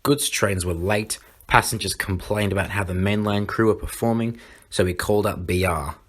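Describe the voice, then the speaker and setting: A man narrating a fan audio drama in a steady, dramatic storytelling manner. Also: lowish voice, moderate pace, low-quality recording.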